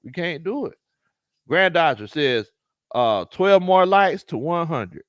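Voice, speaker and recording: A Southern US man's voice sits a little high and is very animated, though he takes things slowly. He's hosting a casual sports livestream, reading viewers' chat aloud, laughing often and saying things twice, all in clean studio sound with no room noise.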